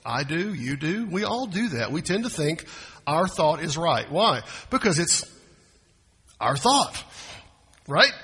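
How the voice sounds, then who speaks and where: A man's voice: on the high side, fairly bright tone, husky, in a large hall. A man preaching a sermon in a conversational, folksy way, often restarting his phrases. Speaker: pastor.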